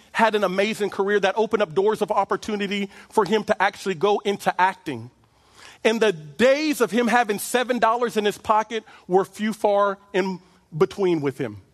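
A man preaching a sermon as pastor, animated and lively, stretching out his phrases and chuckling as he goes. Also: high-pitched. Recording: long hall reverb.

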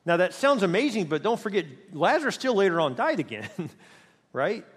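A male preacher delivers a sermon in an animated, emphatic storytelling manner. His voice sits high for a man. A long reverb from the church sanctuary hangs after his words. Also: normal speed, slightly rough.

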